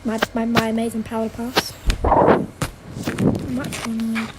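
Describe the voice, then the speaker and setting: A woman's voice: on the high side, completely flat delivery, moderate pace, very noisy. A teenage girl with an English accent, chatting casually on a phone livestream and reading out viewers' comments, with lots of "like" and "mate". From Britain. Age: teens. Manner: chatty, giggly, says "like" and "mate" a lot. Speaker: livestream host.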